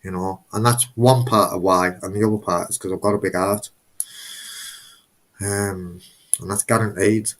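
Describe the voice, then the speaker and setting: A man's voice: low voice, steady tone, moderate pace, pauses often. Rambling, emphatic man on a live stream. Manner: rambling, emphatic, repeats himself, swears. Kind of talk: casual live stream chat.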